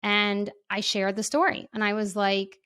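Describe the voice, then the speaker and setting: A woman's voice: mid-range voice, monotone, a little slow, fairly bright tone, clean tone, dry recording, clean studio sound. A woman podcast host and coach telling a personal story in a candid, chatty way, with lots of filler words.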